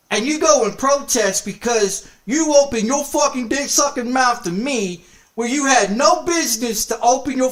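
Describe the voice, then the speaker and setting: A game streamer with a very high, fairly bright voice launches into an angry, profane rant. He curses heatedly and over and over, piling on insults and threats.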